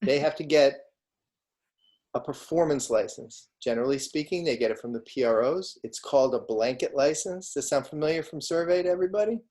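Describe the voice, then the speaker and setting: A man's voice: fairly high pitch, a little fast, darkish tone. A man giving an online law lecture over a video call, talking conversationally and often checking in with his students. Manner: conversational, asks students frequent questions.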